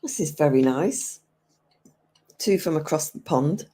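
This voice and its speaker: A low, mellow English woman in her fifties chats easily on a livestream. She takes her time, answering viewers' comments aloud and laughing often as she goes. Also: expressive, measured pace. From England. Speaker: livestream host. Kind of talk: casual chat with viewers.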